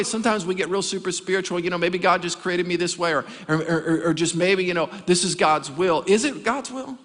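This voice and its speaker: A pastor man preaches with a high, bright, lively voice and tells stories with humorous asides. His voice rings with the long reverb of a big church hall. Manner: animated storytelling with comic asides. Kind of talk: sermon. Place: church sanctuary.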